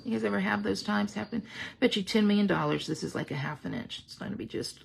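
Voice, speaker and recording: A woman's voice: mid-range voice, quick pace, gravelly, husky. A woman demonstrating card-making at home in a chatty, playful, exaggerating way. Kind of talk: casual crafting tutorial. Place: home craft room.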